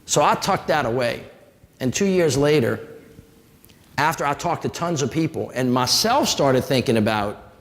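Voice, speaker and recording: A man from New with a drawl, his voice gravelly and mid-pitched. He holds a live audience with folksy, animated stories and acts out the people in them. The sound carries a long hall echo. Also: moderate pace. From New Orleans. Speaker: former mayor giving a public talk. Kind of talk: storytelling talk to a live audience.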